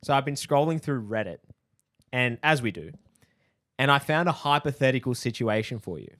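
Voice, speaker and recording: A man's voice: mid-range voice, expressive, moderate pace, a bit bright, no room sound. A man, laughing often as he co-hosts a casual podcast chat. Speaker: podcast co-host.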